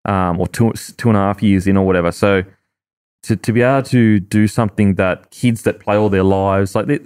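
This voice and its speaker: With a fairly low, clear, resonant voice that's a little mellow, this Australian former rugby league player talks briskly with fairly even intonation. As a guest in a casual podcast chat, he's earnest, rambling and keeps restarting.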